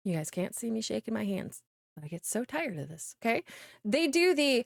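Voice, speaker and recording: Exasperated high-voiced woman ranting. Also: big pitch swings, normal speed, gravelly, dry recording, clean studio sound. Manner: blunt, exasperated, profane ranting. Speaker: VTuber commentator. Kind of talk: reaction commentary.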